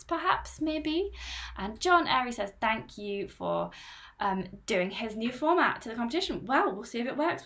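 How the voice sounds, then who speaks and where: A woman's voice: on the high side, fairly bright tone. A woman in her thirties hosting a running live stream, chatting upbeat and casually as she reads out viewer comments.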